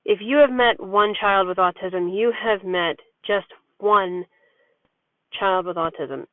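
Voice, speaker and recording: A woman's voice: medium pitch, takes it slowly, no echo. A woman talking frankly in a rambling, chatty personal vlog about her life as a parent. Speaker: parent vlogger. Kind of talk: candid personal vlog monologue. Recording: tinny phone-like dry sound.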